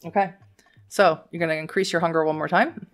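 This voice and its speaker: Lower-voiced woman game master. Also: steady tone, brisk, soft background music. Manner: matter-of-fact, rules-focused narration. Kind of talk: running a tabletop game.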